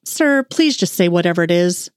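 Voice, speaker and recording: A woman's voice: fairly low pitch, animated, moderate pace, no room sound, studio quality, close to an everyday voice. A woman voicing an earnest, anxious female FBI agent in an audiobook-style fan fiction reading.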